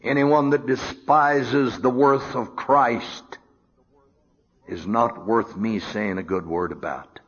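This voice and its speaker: An older man preaching a sermon, animated, dropping to a low murmur and rising to high emphatic outbursts, on a dull lo-fi recording. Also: slow pace, husky.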